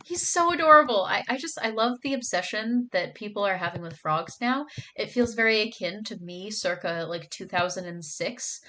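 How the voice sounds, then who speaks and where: A woman's voice: mid-range voice, moderate pace, hardly any pauses, a bit bright. A young woman streaming, chatting casually with her viewers and reading their comments aloud, gushing and bubbly, with lots of "like" and "oh my god".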